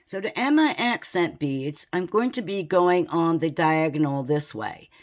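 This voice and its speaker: A woman with a low, deep speaking voice walks through a beading tutorial at an unhurried pace. She stays calm and methodical, counting beads aloud and describing each stitch as she goes. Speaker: beading instructor. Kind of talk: step-by-step craft tutorial.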